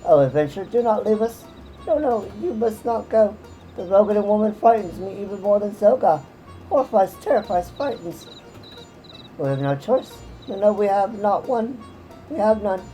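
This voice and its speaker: A woman's voice: medium pitch, animated, moderate pace, mellow, soft background music, lightly acted, poor audio. A woman voicing a frantic, cowering male kobold in a game who whines and piles up words in fear. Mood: pleading. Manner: panicky, piles up synonyms, whiny.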